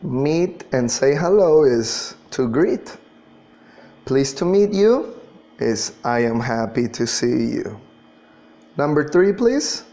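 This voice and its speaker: A man's voice: mid-range voice, very animated, slow, dark tone. A man teaching an English class, patiently drilling pronunciation and spelling words out letter by letter. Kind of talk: classroom lesson.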